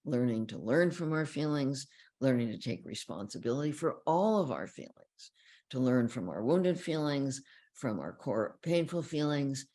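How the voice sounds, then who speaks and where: A woman counselor giving a calm, explanatory teaching talk about feelings, often repeating key phrases. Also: a bass voice, breathy edge. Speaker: relationship counselor.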